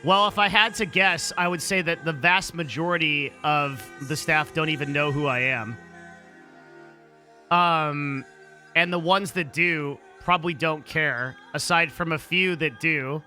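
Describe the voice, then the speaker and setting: A man's voice: on the high side, a little slow, sharp tone, faint music behind. A man chatting casually on a live stream, blunt and profane, rambling with lots of "like" and restarts. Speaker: livestreamer answering chat.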